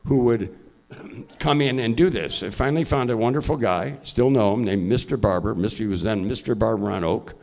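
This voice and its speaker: An older man, a journalist and honored guest, telling lively, profane anecdotes on stage at an event. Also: lowish voice, brisk, creaky. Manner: lively raconteur, salty language. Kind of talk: live anecdotal storytelling on stage. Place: event hall before an audience.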